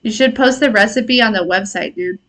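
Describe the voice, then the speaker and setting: Answering comments from her chat, a woman in her thirties gives a relaxed live intuitive reading in the style of tarot, laughing and cursing casually as she talks. Her medium-pitched voice is a bit bright and moderately paced.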